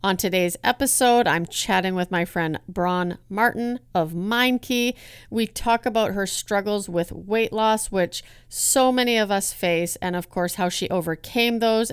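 A woman's voice: medium pitch, clean tone, dry recording, studio quality. A woman hosting a podcast, introducing her guest and interviewing her in an upbeat, enthusiastic way. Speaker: podcast host.

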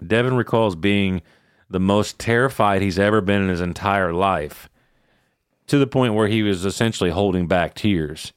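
A man with a very low, smooth voice retells eerie stories in a loose, profane way. His voice is recorded dry and close. The delivery is relaxed and conversational. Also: normal speed, dry recording. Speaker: podcast host. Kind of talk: casual storytelling chat.

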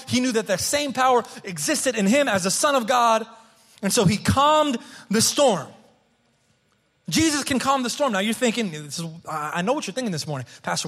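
A pastor in his thirties delivers a sermon in a high voice with a husky edge. He speaks earnestly and often doubles back on his words before pushing the point home. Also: a bit bright. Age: 30s. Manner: earnest, repeats words as he restarts phrases.

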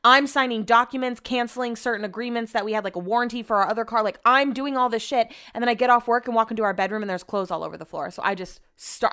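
Young woman, smooth and fairly high voice, ranting exasperated in a casual vlog. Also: quick pace, fairly bright tone. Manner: exasperated, ranting, swears freely. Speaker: vlogger.

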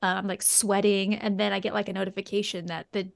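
A woman tells a personal story in a loose, rambling way. She keeps breaking into asides and acting out quoted reactions. Her voice sits at an ordinary middle pitch. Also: fast, creaky. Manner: rambling, animated, full of asides. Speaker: podcast co-host. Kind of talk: casual storytelling.

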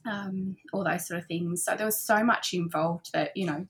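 A middle-aged woman, chatting casually as an interview guest, with lots of fillers and a husky voice. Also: lowish voice, moderate pace. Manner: chatty, warm-hearted, many fillers and soft laughs. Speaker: guest, handmade boutique owner. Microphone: remote call.

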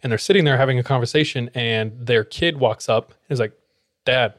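A man co-hosts a podcast and tells a story in a casual, chatty way. He acts out the people in it, his pitch swinging up for their lines. The sound is dry and close. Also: brisk, no echo. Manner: animated, acts out quoted dialogue. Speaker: podcast co-host.

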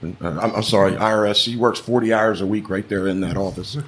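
A fairly low-voiced man who owns a small shop, a guest on a live podcast. He gives short, matter-of-fact answers over a faint background noise. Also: fairly even intonation, a little fast, fairly bright tone. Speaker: guest, auto shop owner. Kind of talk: casual live podcast chat. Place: live at a trade conference.

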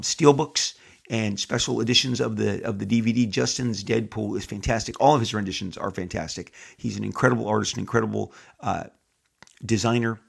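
Gravelly, husky man hosting a podcast. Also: lowish voice. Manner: enthusiastic, rambling, many restarts. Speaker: podcast host. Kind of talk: casual podcast monologue. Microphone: studio microphone.

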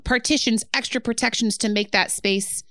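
A woman's voice: on the high side, fairly even intonation, normal speed, fairly bright tone, no echo, studio quality. A woman co-hosting a podcast, speaking in casual chat in an indignant, emphatic way, with swearing. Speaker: podcast co-host.

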